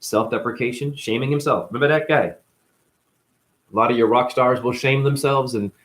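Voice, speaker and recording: A man in chronic pain, giving a blunt, profane, rambling unscripted monologue on a live stream. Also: mid-range voice.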